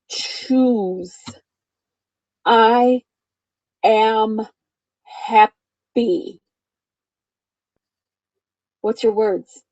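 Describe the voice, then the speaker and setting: A woman's voice: on the high side, animated, moderate pace, dark tone, no echo, muffled recording. A woman in her thirties giving an emphatic, freely swearing motivational talk as a spiritual coach, laughing often.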